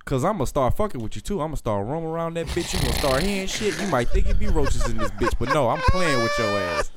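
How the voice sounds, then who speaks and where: A rowdy man with a Louisiana accent jokes on a podcast, his high voice leaping wildly up and down. There is a clear hiss of background noise under him. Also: wildly swooping pitch, fast. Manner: rowdy, repeats punchlines for laughs. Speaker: podcast co-host. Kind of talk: casual comedic chat.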